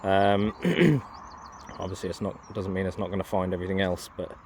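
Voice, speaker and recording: Outdoors in an open farm field, a man with a low, gravelly, slightly mellow voice talks at a normal pace in an animated way as he sets up and uses his metal detector. His casual talk rambles, full of ums, restarts and self-corrections, over a faint hiss or hum.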